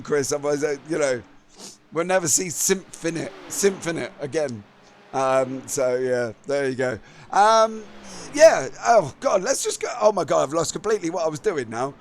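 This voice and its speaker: A man hosting a live sim racing stream, chatting with his viewers and laughing at himself, tired after a long day. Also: sits high. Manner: chatty, laughing, self-mocking. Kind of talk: live stream commentary and chat.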